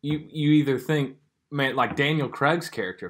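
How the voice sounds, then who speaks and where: A man's voice: medium pitch, moderate pace, fairly bright tone. This man speaks with a light Southern US accent. He co-hosts a podcast and chats loosely. His thoughts wander, padded with "like" and small fillers. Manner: rambling, filler-heavy, says "like" a lot. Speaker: podcast co-host. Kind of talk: casual chat.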